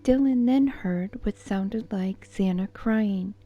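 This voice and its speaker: A woman whispering a true crime account as a soft-spoken ASMR narrator. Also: medium pitch. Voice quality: unvoiced whisper. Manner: soft-spoken, measured storytelling.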